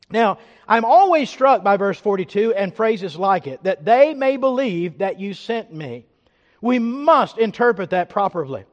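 A man preaching a sermon as pastor, emphatic, swinging from loud declarations to hushed reflection. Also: high voice, sing-song, a little slow, big-room sound, dull audio.

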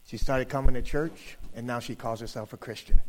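A man's voice: medium pitch, steady tone, fairly quick. A man preaching a sermon as a guest speaker, chatty and joking, rising to emphatic points.

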